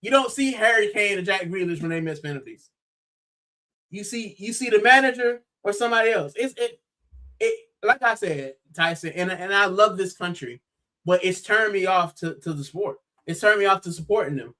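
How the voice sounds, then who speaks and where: A man's voice: sits high, normal speed. A young American man on a football podcast, talking animatedly in casual chat and saying bro a lot. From United States. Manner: animated, exclaiming, says bro often. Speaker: podcast co-host.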